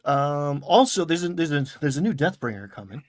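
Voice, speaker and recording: A man's voice: fairly high pitch, lively intonation, brisk, no echo, clean studio sound. A man with a Long Island accent hosting a casual chat, rambling and correcting himself with chuckles. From Long Island, New York. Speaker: podcast host.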